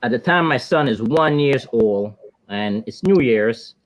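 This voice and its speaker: A man's voice: medium pitch, animated, a little slow, slight background noise. Laid-back Caribbean man telling a story. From Virgin Islands. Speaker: guest panelist. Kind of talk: casual storytelling.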